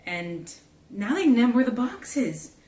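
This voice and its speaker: A woman's voice: fairly high pitch, very animated, slow pace, a little mellow. A young woman from South Florida chatting casually, rambling with lots of fillers while she builds a gingerbread house. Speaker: vlogger. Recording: echoey room, faint background hiss.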